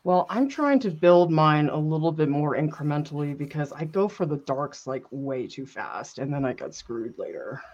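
A woman in casual chat while painting, animated and giggly, talking about her work. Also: sits low, moderate pace, hardly any pauses, highs cut off. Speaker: co-host.

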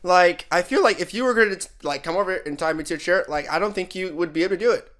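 A man's voice: sits high, a bit bright. A man chatting casually on a podcast, cutting in with curious questions. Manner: curious, quick interjecting questions.

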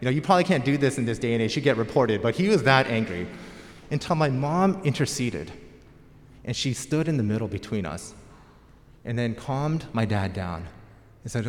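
A man's voice: medium pitch, lively intonation, normal speed. An American man preaching a sermon as pastor, in a conversational storytelling manner. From United States. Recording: long hall reverb.

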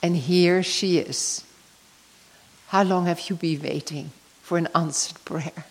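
A woman's voice: fairly low pitch, steady tone, slow, husky. An older woman telling a heartfelt personal story in a sermon and leading a prayer. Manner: emotional storytelling, ending in soft prayer. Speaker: speaker giving a devotional talk. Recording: long reverb of a large hall.

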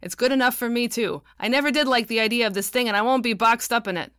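A man's voice: high voice, fairly quick, pushed and bright, dry recording, clean studio sound, voice pushed up. A woman playing a blustering bully of a man. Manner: haughty, blustering, rough grammar. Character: loud bullying old-fashioned man, stubborn.

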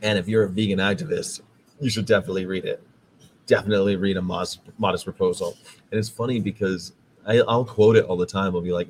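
A man's voice: low voice, fairly even intonation, quick pace, slight background noise, low-quality recording. An American man hosting a podcast, talking in a casual, rambling monologue that turns preachy. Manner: chatty, rambling, preachy about veganism. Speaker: vegan podcast host.

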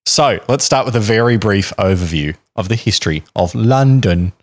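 Guy telling a story on a podcast, jokey, rambles, lowish voice. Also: expressive, normal speed. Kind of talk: casual chat.

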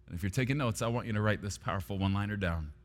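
A man preaching a sermon as pastor, swinging between loud emphasis and hushed, near-whispered lines. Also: on the low side, racing. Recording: long hall reverb with soft guitar underneath.

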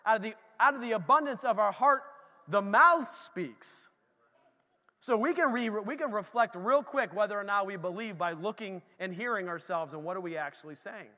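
A man preaching a casual sermon as pastor, animated and talking straight to the congregation. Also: sits high, normal speed, in a large hall.

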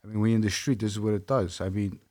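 A man's voice: on the low side, steady tone, quick pace, darkish tone. A man from Brooklyn with a Brooklyn accent, a guest telling his story bluntly in a casual interview and quoting dialogue. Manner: blunt, streetwise, quotes dialogue.

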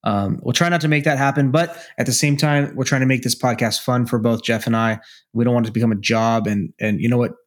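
A man's voice: mid-range voice, fairly even intonation, fast. A man co-hosting a podcast, chatting casually in a rambling, laid-back, profane way. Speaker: podcast co-host. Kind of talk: casual chat.

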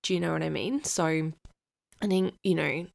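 A woman's voice: deep voice, moderate pace, creaky, dry recording. A woman hosting a casual interview, talking in a thoughtful, reassuring way with many fillers. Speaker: podcast host.

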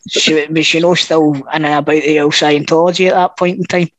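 A man with a notably high voice, talking in blunt, sweary bursts in a casual podcast chat. The sound is dry and close, with no room around it. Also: little pitch movement, a little fast, fairly bright tone, no room sound, low-quality recording. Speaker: podcast co-host.

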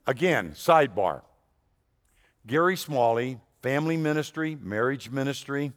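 A male preacher delivers a storytelling sermon in an ordinary mid-range voice. He swings from booming punchlines to soft asides. The sound carries the long, lingering reverb of a church sanctuary. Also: a little slow. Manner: animated storyteller, swinging between loud punchlines and hushed asides. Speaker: guest preacher.

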